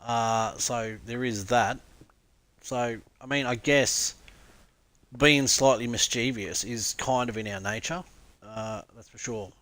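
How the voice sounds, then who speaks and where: A man's voice: medium pitch, steady tone, slow pace, a bit bright, no room sound. An Australian man chatting casually on a live stream, rambling, laughing often and swearing freely.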